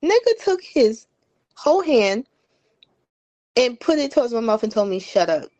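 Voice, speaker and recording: A woman's voice: a little high, normal speed, dry recording, lo-fi sound. A woman co-hosting a podcast, telling candid stories with slang in casual banter. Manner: candid, animated storytelling with slang. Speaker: podcast co-host.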